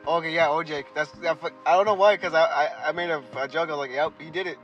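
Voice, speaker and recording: A man co-hosting a podcast in casual chat, halting and restarting often as he explains. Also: fairly high pitch, fairly even intonation, highs cut off, soft background music. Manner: halting, lots of restarts and filler. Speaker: podcast co-host.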